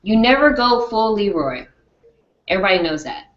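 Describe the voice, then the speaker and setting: A woman's voice: mid-range voice, normal speed. Giggly woman in an echoey room. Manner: giggly, animated. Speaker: podcast host. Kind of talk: casual chat. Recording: echoey dull room sound.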